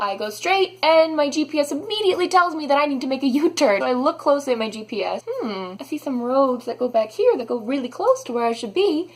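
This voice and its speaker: A young woman telling a storytime vlog, animated and dramatic, saying "like" a lot. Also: high-pitched, quick pace, hardly any pauses. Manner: animated, dramatic, heavy use of "like". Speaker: vlogger.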